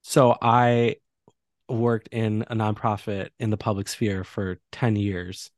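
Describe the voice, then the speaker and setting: A man's voice: fairly low pitch, little pitch movement, slow, no room sound, clean studio sound. A young man with a Chicago accent, co-hosting a podcast in easygoing casual chat with lots of fillers. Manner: easygoing, many fillers, playful. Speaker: podcast co-host.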